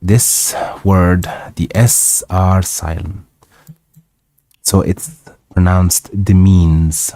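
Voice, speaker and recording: Slow, deep-voiced man reading aloud carefully. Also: level tone, mellow, no echo. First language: Arabic. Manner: careful, repeats words and sounds out hard ones. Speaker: host of a live English reading stream. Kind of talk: reading a classic novel aloud for practice.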